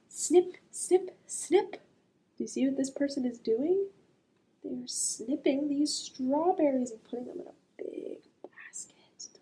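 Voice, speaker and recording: Reading a picture book to kids, this female librarian asks gentle questions and draws out the sound words. She has a high-pitched voice, captured in a low-quality recording.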